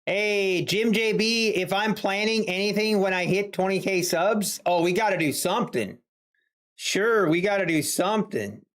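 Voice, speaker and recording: A man's voice: high voice, moderate pace, a bit bright. A man live-streaming his day trading, chatting casually with viewers and talking himself through trades in an exasperated, sighing way.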